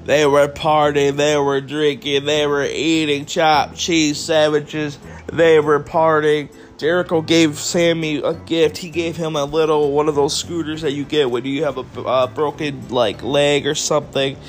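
A man's voice: a little high, little pitch movement, measured pace, soft background music. A man hosting a solo podcast, talking casually and rambling to his listeners, sounding tired and yawning, with some swearing. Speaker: podcast host. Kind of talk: solo wrestling review podcast.

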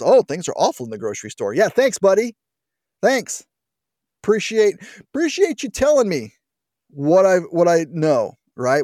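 A man's voice: darkish tone, no echo, clean studio sound. A man hosting a political talk radio show, mocking the news with wry, sarcastic asides. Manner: sarcastic, wry asides, big pitch swings. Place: radio studio.

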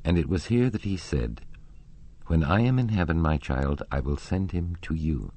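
A man's voice: very deep voice, animated, moderate pace, dark tone, no room sound, heavily acted. A man doing an intense young woman singer. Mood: earnest. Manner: pleading, rising to indignant.

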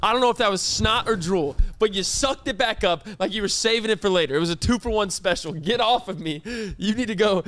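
A young man in casual chat as podcast co-host, fast and teasing. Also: high voice, a bit bright.

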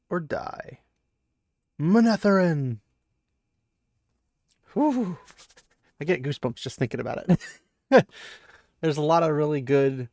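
A man's voice: medium pitch, vocal fry, no room sound, studio quality. A man reading a fantasy novel aloud and then chatting casually about the chapter, building up intensity on the battle lines. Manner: reads the battle with rising intensity, then chats excitedly with fans. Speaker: book reader and commentator. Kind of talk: dramatic reading mixed with casual commentary.

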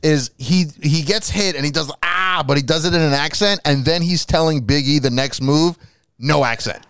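A man's voice: on the high side, normal speed, smooth, no room sound. A man in casual podcast chat who talks animatedly, swears often and laughs a lot. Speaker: podcast co-host.

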